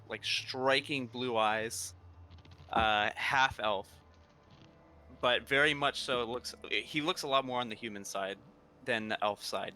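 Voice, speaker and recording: A man's voice: medium pitch, sharp tone. A man playing a tabletop game, describing his character in a rambling, hesitant way. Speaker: player. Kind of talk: tabletop role-play, in and out of character.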